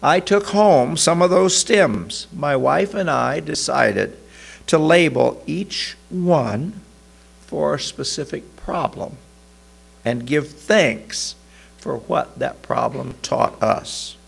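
Man putting on an upbeat older husband, high and hearty, gravelly edge, slow storytelling. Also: expressive, heavily acted. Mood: cheerful.

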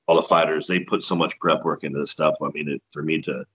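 A man's voice: a bass voice, fairly even intonation, fast, a bit bright, slightly rough, rough recording. A man who works as a ring announcer, telling stories in a laid-back, profane, self-deprecating way as a podcast guest. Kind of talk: casual podcast storytelling.

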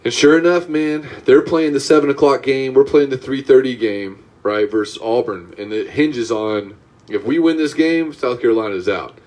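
A man's voice: medium pitch, moderate pace, a little mellow. A man from Georgia hosting a podcast, telling a sports story in a laid-back, casual way. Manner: laid-back, says "dude" and "right?" often. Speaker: podcast host. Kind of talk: casual chat.

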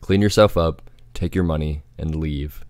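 A man voicing a calm, smug male villain who runs a deadly game. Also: extremely low pitch, normal speed, no echo. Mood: cold. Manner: calm, matter-of-fact menace.

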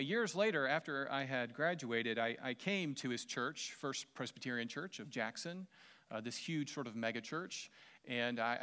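A man's voice: medium pitch, clear, resonant tone. Southern American man preaching conversationally. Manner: conversational, warm humor with asides to the congregation. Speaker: pastor. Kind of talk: sermon.

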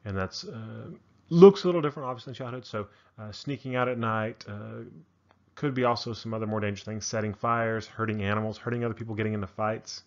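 A man's voice: lowish voice, fairly even intonation, quick pace, a little mellow, dull audio. A man giving a casual narrated psychology lecture, thinking aloud with frequent ums and restarts. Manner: casual, many fillers and restarts.

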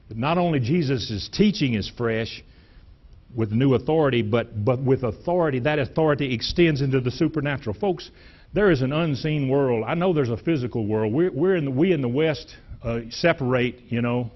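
A middle-aged male pastor preaching in a church sanctuary, his voice rising and dropping sharply for emphasis, often repeating words as he builds a point. He sits at an ordinary pitch for a man. The recording sounds dull and lo-fi. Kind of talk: sermon.

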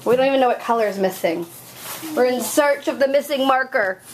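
A woman with a somewhat high voice talks casually to her young child off camera, asking lots of coaxing questions and teasing lightly. This is an everyday home vlog, recorded at home with a faint hiss behind her. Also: brisk, low-quality recording. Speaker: mother filming her child. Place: at home, unpacking boxes.

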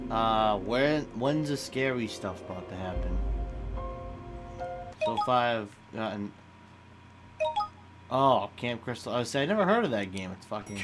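A young man casually commenting on a game, swearing often and reacting jumpily to scares, with music in the background. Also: mid-range voice. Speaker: gaming channel host.

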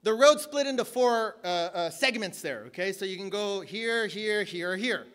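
Male preacher, very high pitch, bright forceful tone, energetic and joking delivery. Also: normal speed. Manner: energetic, joking, shouts at peaks. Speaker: guest preacher. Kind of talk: sermon.

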